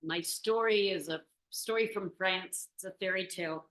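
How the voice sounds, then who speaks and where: A woman storyteller telling a folk tale to a small group in a meeting room, lively and asking the audience questions. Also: on the low side, normal speed. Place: meeting room in a community venue. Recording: roomy meeting-room recording.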